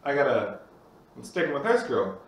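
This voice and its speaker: A young man telling a comic personal story in a lively way, acting out the other people's voices, recorded in an echoey room away from the mic. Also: mid-range voice, moderate pace, recorded from a distance. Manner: animated, acts out voices.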